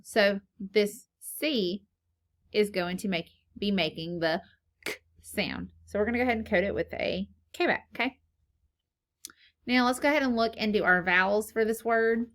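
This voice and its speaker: A woman's voice: medium pitch, normal speed, a bit bright. A woman teaching a phonics lesson to young children, patiently asking questions and then answering them herself.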